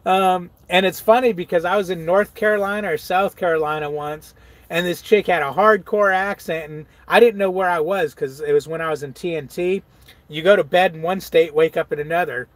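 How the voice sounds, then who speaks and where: A man's voice: sits high, fairly quick, no echo. A truck-driving man in casual live-stream chat, laid-back, laughing often and reading viewer comments aloud. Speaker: truck driver vlogger.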